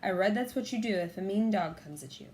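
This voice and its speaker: Woman reader voicing a cautious, earnest young boy; middle pitch, urgent storybook voice. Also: animated, brisk, a little hiss or hum, lightly acted. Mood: hushed. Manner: earnest, urgent, often hushed. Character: cautious, bookish young boy, easily exasperated. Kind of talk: children's audiobook reading.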